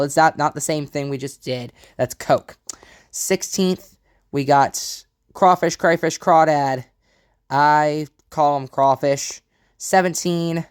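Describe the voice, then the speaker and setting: Easygoing man from Texas thinking aloud. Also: fairly high pitch. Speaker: vlogger. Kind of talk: casual commentary over maps.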